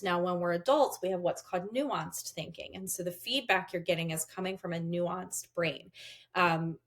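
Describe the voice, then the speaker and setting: A woman therapist giving parenting advice in an interview, explaining step by step and acting out what a parent and child might say. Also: lowish voice. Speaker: therapist guest.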